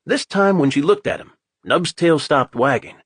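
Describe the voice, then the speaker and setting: A man reading a horror audiobook in a measured, dramatic way. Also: a little high, animated, slightly rough, no echo. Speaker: audiobook narrator. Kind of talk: scripted horror narration.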